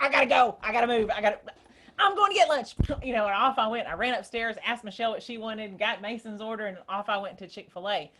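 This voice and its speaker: A woman hosting a casual group call, telling a story in an excited, rambling way. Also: mid-range voice. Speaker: host. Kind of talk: casual chat.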